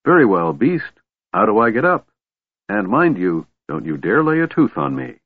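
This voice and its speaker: A man voicing a grumpy, proud old male dwarf with a gruff, blustering manner, for a storybook reading. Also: fairly low pitch, very animated, normal speed, no echo. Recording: tinny phone-like dry sound.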